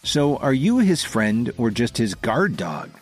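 A man voicing a calm, defiant young adult man who speaks coldly and unflinchingly, with a husky voice. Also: medium pitch, measured pace, soft background music. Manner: cold, unflinching delivery.

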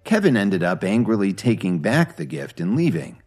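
A man reading a story aloud in scripted narration, steady and even. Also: fairly low pitch, moderate pace, faint music behind.

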